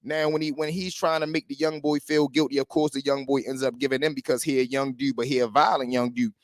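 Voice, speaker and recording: A man hosts a livestream, telling street stories and commenting in a lively, repetitive street-talk manner. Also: medium pitch, fast, dry recording, studio quality. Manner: animated street talk, repeating phrases. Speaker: host.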